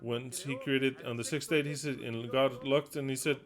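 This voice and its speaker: A man delivering a sermon in an average-pitched voice. He declaims scripture forcefully, then drops into quiet, explanatory asides. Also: fairly even intonation, moderate pace. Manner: emphatic, swings between loud declaiming and quiet asides. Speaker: preacher.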